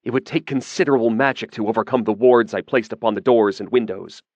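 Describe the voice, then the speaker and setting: A man's voice: mid-range voice, quick pace, no room sound, muffled recording, lightly acted. A man voicing a cold, fretful mage in an audiobook, grim and clipped, with a threatening edge. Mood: fretting. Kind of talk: audiobook character voice.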